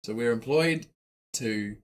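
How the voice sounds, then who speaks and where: A man's voice: medium pitch, slow pace. A man with a New Zealand accent reading game narration aloud in a playful, theatrical way and chatting between lines. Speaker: co-player and narrator.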